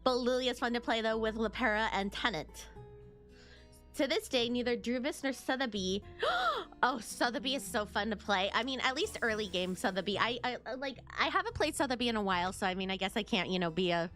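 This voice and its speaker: A young adult woman streaming a video game, chatting excitedly to her viewers, often repeating herself and singing silly snippets. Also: fairly high pitch, a little fast, faint music behind. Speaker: VTuber streamer. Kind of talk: casual gaming stream chat.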